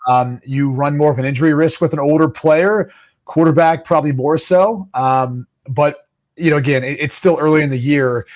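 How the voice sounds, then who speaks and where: A man's voice: a little high, fairly even intonation, moderate pace, a little mellow. Plainspoken man giving football analysis. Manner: confident, plainspoken, uses fillers. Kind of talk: casual sports chat.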